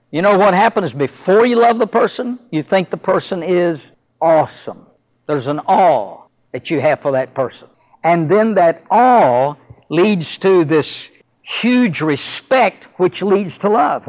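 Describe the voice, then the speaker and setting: A man preaching a sermon who reads scripture slowly and solemnly and then drives his points home with rising emphasis and rhetorical questions. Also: a little high, poor audio.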